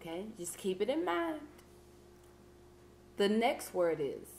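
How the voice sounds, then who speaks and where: A woman teaching a classroom vocabulary lesson, patient and encouraging as she reads each clue slowly. Her voice sits at an ordinary pitch and carries a roomy echo from the classroom. A faint hum runs underneath. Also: very animated, a little mellow.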